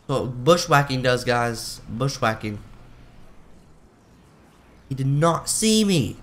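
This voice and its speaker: A young man talks to himself while he plays, rambling and self-mocking in a casual way. His voice sits at an ordinary middle pitch, rough from the early morning and prone to cracking. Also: animated, takes it slowly, pauses often, a bit bright. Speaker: gaming YouTuber. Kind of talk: casual gameplay commentary.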